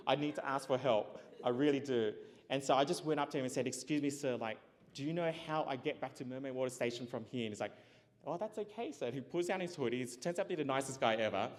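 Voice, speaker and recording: Male keynote speaker with a mid-range voice, animated storyteller, recorded with long hall reverb. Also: medium pitch. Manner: animated, acts out dialogue, laughs often. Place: large event hall.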